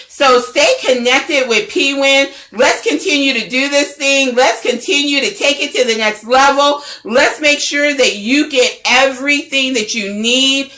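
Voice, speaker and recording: A middle-aged woman who founded a network and works as a coach delivers a fervent, preachy pep talk over a phone or webcam livestream. Her high-pitched voice is bright and forceful, and she repeats her phrases.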